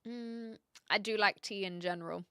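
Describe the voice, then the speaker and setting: A woman with a New Zealand accent chatting casually with viewers on a live stream, thinking aloud and often pausing to hunt for the right word. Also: medium pitch, sharp tone, clean tone, dry recording, clean studio sound.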